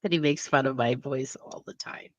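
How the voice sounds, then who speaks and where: A woman's voice: very deep voice, moderate pace, no echo. A woman with a Minnesota accent, chatting as a radio guest over a remote call and laughing often. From Minnesota, USA. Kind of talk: casual chat on a remote call. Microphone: remote call mic. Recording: dull distant call audio.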